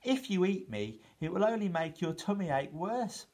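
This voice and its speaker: A man voicing a nervous, quick-witted boy who speaks in a hushed voice in a children's story. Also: sits high, very animated, heavily acted. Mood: nervous pleading.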